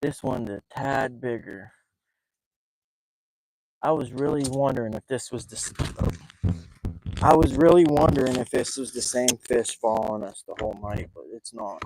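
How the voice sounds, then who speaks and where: A man live-streaming a night fishing trip from a small boat, talking in an excited, rambling way and breathing heavily. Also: medium pitch, slight background noise, rough recording. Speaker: fishing vlogger. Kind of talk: live outdoor fishing vlog.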